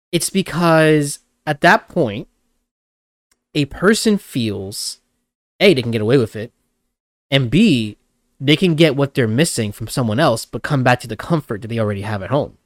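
A man's voice: mid-range voice, lively intonation, measured pace, no room sound, clean studio sound. A young adult man co-hosting a casual podcast chat, talking bluntly and animatedly, swearing and laughing often. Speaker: podcast co-host.

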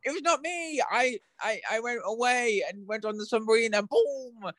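A man's voice: extremely high pitch, normal speed, fairly bright tone, no room sound, clean studio sound, pitched above the performer's own voice. A man voicing a smug, gloating male movie villain in a mock British accent.

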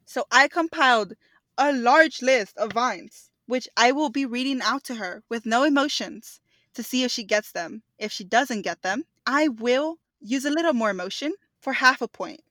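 A woman's voice: a little high, expressive, moderate pace, fairly bright tone, no room sound. A young woman co-hosting a casual podcast, running a quiz in an upbeat, teasing way. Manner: teasing, upbeat, laughs often. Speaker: podcast co-host, quizmaster. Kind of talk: casual chat.

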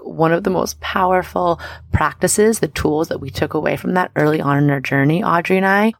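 Woman podcast host, gravelly fry throughout, close and dry. Bubbly, affirming, coaching. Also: sits low, no echo. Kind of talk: casual motivational talk.

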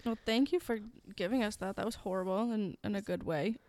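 A woman's voice: mid-range voice, a little fast, darkish tone, no room sound. A woman co-hosting a podcast, talking in a chatty, playful and sometimes sarcastic way. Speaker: podcast co-host. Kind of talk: casual podcast chat.

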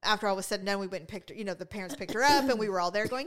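A middle-aged woman co-hosting a podcast tells stories in casual chat at a racing pace, her voice medium in pitch. She's an animated storyteller who acts out what people said and laughs a lot.

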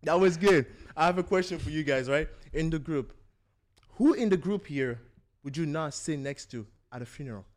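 A man's voice: fairly high pitch, normal speed. Joking young male podcast host. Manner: joking, rambling. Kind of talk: casual chat.

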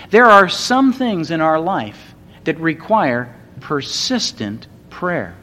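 A man delivers a sermon at a slow, deliberate pace. He speaks earnestly and swells into loud, emphatic repetitions. A long reverb and a faint rumble sit behind his voice. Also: sing-song. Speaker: preacher.

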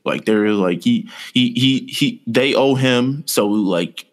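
A man's voice: medium pitch, slow pace. A man co-hosting a podcast, casually rambling through a story with lots of fillers. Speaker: podcast co-host. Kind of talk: casual chat.

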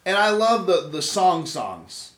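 A man in his thirties telling stories in casual chat, animated and profane. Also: high voice, slow pace. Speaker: podcast host. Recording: echoey room.

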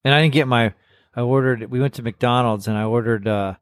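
Animated Texan man telling stories. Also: mid-range voice, brisk, smooth, no echo, studio quality. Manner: animated storyteller, acts out quoted voices. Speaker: podcast co-host. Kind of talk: casual chat.

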